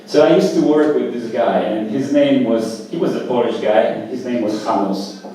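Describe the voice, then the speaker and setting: A man performing open mic stand-up comedy at a small cafe, talking in a casual, halting way with lots of fillers. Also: medium pitch, dark tone, heavy reverb, distant mic, low-quality recording. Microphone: handheld stage mic.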